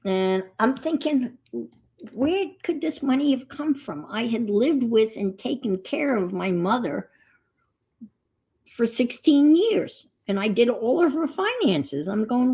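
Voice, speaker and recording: A woman's voice: a little high, expressive, measured pace, vocal fry, dark tone, slightly rough. A middle-aged woman chatting casually as she crafts on a stream, telling rambling stories. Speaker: crafting vlogger.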